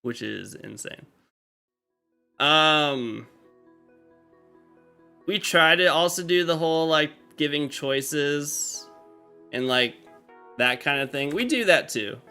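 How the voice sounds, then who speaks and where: A man's voice: a little high, lively intonation, slow pace, gravelly, long pauses, sharp tone, clean tone. A man chatting casually on a live game stream, rambling with lots of fillers and restarts. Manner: rambling, filler-heavy talk with many restarts. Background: faint game music.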